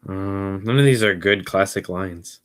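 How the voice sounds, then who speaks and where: A man hosting his own podcast stream, rambling along casually in a low-key, somewhat mumbly way. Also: measured pace, a bit bright. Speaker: podcast host. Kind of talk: casual solo livestream chat.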